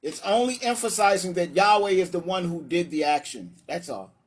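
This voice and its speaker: A man with a high voice hosts a live-streamed religious debate. He is brash and taunting, calls challengers up to speak and laughs at his own points. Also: animated, moderate pace, husky.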